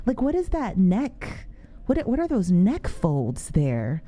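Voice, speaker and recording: A woman's voice: mid-range voice, wildly swooping pitch, slow, dark tone. A woman streamer giving chatty, jumpy commentary while playing a horror game and talking back to its characters. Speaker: gaming streamer. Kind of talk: casual let's-play commentary.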